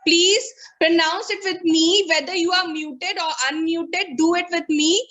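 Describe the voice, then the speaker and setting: A woman with an Indian English accent leads an online pronunciation class, her voice very high and bright. She takes her time, saying each word slowly and repeating it, then checks that the class has understood. Heard through a video call. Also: steady tone, low-quality recording.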